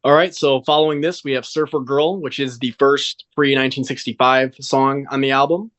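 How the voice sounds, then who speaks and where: A man's voice: mid-range voice, fairly even intonation, moderate pace, a bit bright. Man leading podcast segments. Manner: structured, leads segments, frequent "um". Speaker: podcast host. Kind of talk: casual chat.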